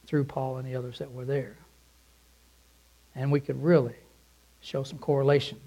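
A man preaching a sermon as a pastor, earnest and pleading, swinging between emphatic bursts and soft, quiet asides. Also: high-pitched, rough recording.

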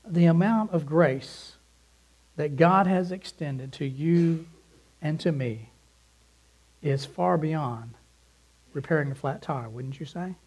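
A man preaching a sermon as a pastor, earnest and pleading, swinging between emphatic bursts and soft, quiet asides. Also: fairly high pitch, takes it slowly, long pauses, husky, poor audio.

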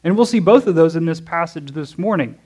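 High-voiced preacher checking in with the room. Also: male voice, animated, a little fast, a little mellow, husky. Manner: conversational, checks in with "okay?" and "right?"; asks questions to the audience and answers them. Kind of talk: expository sermon. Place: church.

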